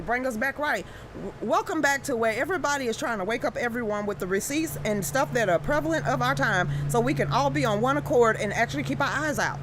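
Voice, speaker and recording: A woman's voice: on the high side, fairly bright tone, a little hiss or hum. A woman hosting a casual live stream, reacting to viewer comments with stammering restarts and sudden exclamations.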